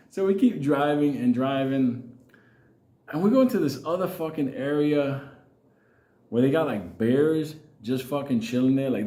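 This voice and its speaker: A man with a New York accent spins a casual, swearing-heavy comic story, chuckling between lines. His voice is mellow and dark, and it rings a little in an echoey room. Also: mid-range voice. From New York City. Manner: profane, laughing, comic exaggeration.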